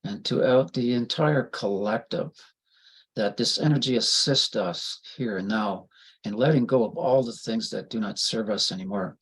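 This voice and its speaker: A man leading a group in a slow, solemn spiritual healing prayer, with a husky voice. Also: lowish voice, rough recording. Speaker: spiritual healer.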